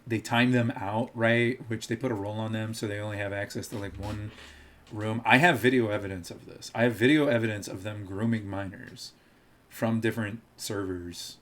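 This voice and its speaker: A man streaming live, rambling and laughing as he mocks people and tries out impressions. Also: fairly low pitch.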